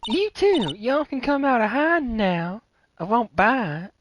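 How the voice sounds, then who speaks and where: A streamer voicing a brash Southern country woman photographer, talking loud and folksy with a drawl and a Southern accent. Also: mid-range voice, very animated, unhurried, noisy background, pitched above the performer's own voice. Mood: eager. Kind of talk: let's play voice acting. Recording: stream audio with game music behind.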